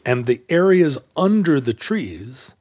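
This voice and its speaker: A man's voice: medium pitch, big pitch swings, slow, darkish tone. Meandering, wry male podcast co-host. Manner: wry, meandering with many fillers. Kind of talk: casual chat.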